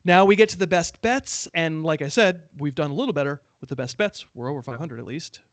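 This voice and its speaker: A man hosting a casual sports betting show, talking in a relaxed, self-deprecating, wry way. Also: on the high side, a little fast, dry recording. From California. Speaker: host.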